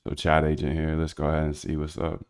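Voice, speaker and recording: A man's voice: a bass voice, completely flat delivery, fast, a little mellow. A man streaming live while he codes, rambling in slangy casual talk to himself and his chat. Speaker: livestreaming programmer.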